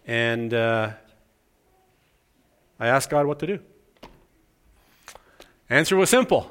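A man's voice: mid-range voice, animated, slow, long pauses, a bit bright, clear, resonant tone. A middle-aged man from Canada preaching a sermon in a conversational, self-deprecating way, telling stories and acting out the voices in them. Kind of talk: sermon with storytelling.

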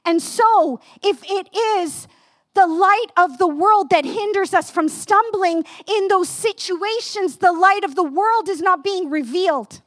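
A woman in her fifties preaching a sermon with passion, asking the listeners direct questions and rising to near-yelling. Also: extremely high pitch, no room sound, clean studio sound. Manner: asks the audience direct questions.

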